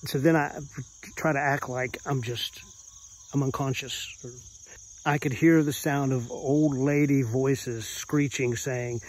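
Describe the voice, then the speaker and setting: A man's voice: medium pitch, steady tone, measured pace, a little mellow, a little hiss or hum, poor audio. Rambling storyteller man, crickets behind. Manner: rambling and intense, with many restarts and "you know"s. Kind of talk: telling a true story from his youth.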